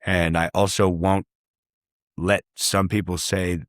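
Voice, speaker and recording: Low-voiced man musing on his craft. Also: flat delivery, slow pace, no room sound, clean studio sound. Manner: reflective, loose, swears casually, many fillers. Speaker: guest, artist and songwriter. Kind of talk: casual podcast conversation.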